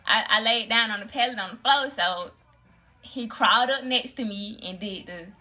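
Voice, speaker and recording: A young woman telling a casual story on a phone livestream, acting out the voices of the people in it. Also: normal speed. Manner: animated storyteller, acts out voices, swings high for quoted friends.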